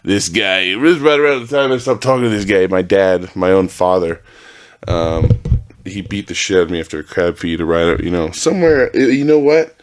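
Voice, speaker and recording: A man's voice: sits low, normal speed. A man in his thirties, hosting a podcast at home, telling a rambling, profane story full of restarts and asides. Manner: rambling, profane, self-interrupting. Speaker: podcast host. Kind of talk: casual solo storytelling. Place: home with dogs.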